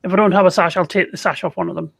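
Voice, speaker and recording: An older man playing a tabletop game, speaking deliberately with a mock-menacing edge. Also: high-pitched, steady tone, creaky, a bit bright, slightly rough, no room sound. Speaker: player.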